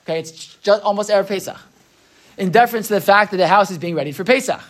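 A man with a high-sitting voice talks fast over background noise while teaching a relaxed Torah class. Chatty throughout, he keeps tossing in "right?" and acts out the people he describes.

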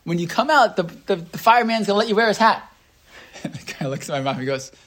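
A woman leads a Torah lesson in a lively, storytelling way. She keeps throwing questions to her listeners. Her voice sits at an ordinary middle pitch. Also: fairly quick. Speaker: Torah class teacher.

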